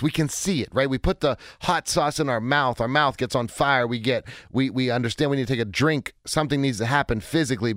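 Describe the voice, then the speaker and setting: A man in his forties hosting a call-in radio show, talking in an energetic, chatty way with a hoarse, cracking voice. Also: mid-range voice, no room sound, studio quality. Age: 40s. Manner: energetic, chatty, self-interrupting. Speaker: radio talk show host.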